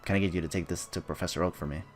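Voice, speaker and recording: A man's voice: low-pitched, steady tone, very fast, soft background music, close to an everyday voice. A man reading as a busy shop clerk. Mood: asking.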